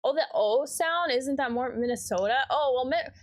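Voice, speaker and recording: A woman's voice: sits high, moderate pace. A young woman with a Midwestern American accent chatting casually with her stream chat while gaming, rambling with lots of fillers. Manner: rambling, filler-heavy, reads chat aloud.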